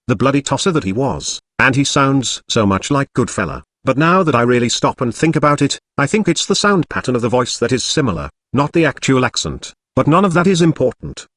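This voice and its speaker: A man's voice: medium pitch, fairly bright tone, dry recording, studio quality. A man with an English accent delivering a scripted, sarcastic, mocking opinion rant as a vlogger.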